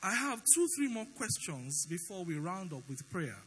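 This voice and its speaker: A man's voice: sits high, moderate pace, long reverb tail, slight background noise, rough recording. A man with a Nigerian accent preaching a sermon as pastor, telling stories animatedly and acting out the dialogue. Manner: animated storytelling, acts out dialogue.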